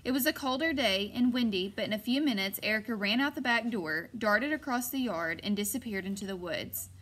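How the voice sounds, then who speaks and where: A woman narrating a first-person audiobook in a measured way, slowing on suspenseful moments. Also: on the high side, expressive, a bit bright.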